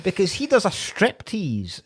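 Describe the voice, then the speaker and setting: A man's voice: high voice, wildly swooping pitch, a little slow, husky, no room sound, clean studio sound. A man co-hosting a comedy podcast, ranting in disbelief and swearing in casual chat. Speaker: podcast co-host.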